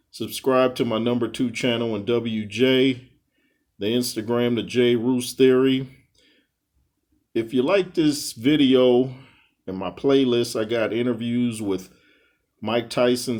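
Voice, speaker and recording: A man's voice: medium pitch, a little mellow. A man hosting a boxing commentary vlog, talking in a laid-back, rambling way and chuckling often. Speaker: boxing commentary channel host.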